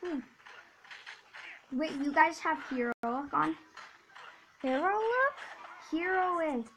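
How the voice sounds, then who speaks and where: A woman chatting casually and bouncing between quick remarks while playing a game with a friend. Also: high-pitched, lively intonation, a bit bright, a little hiss or hum, low-quality recording. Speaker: co-player. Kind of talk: casual chat while gaming.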